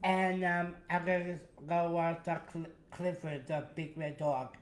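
A young man co-hosting a casual chat, soft-spoken and halting, often repeating his words. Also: on the high side, flat delivery, echoey room. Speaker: co-host.

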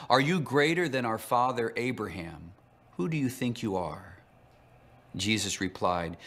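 A man narrating a Bible lesson, telling the story and voicing quoted lines with lively shifts. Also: fairly low pitch. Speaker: teacher.

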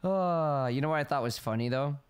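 A man doing excitable let's play commentary, shrieking high in panic, then rambling, joking and reading game text aloud. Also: a little fast, clean tone. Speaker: gameplay streamer. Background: game music.

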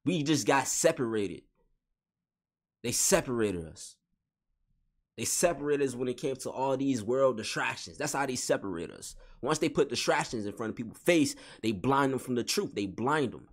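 A man's voice: medium pitch, lively intonation, moderate pace. A man giving a spiritual motivational monologue in casual slangy talk, repeating and restating each phrase with emphasis. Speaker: vlogger.

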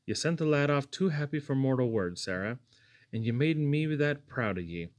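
A man's voice: mid-range voice, expressive, moderate pace, voice pushed up, natural voice. A man voicing a hardworking husband, speaking tenderly in heavy dialect. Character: hardworking Scottish man praising his wife.

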